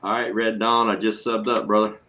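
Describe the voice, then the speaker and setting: A man with a fairly low voice hosts a casual live stream, swearing freely, getting excited and reading chat aloud. His voice comes through a muffled, lo-fi microphone. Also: a little fast, slight background noise. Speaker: streamer host. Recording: muffled lo-fi mic.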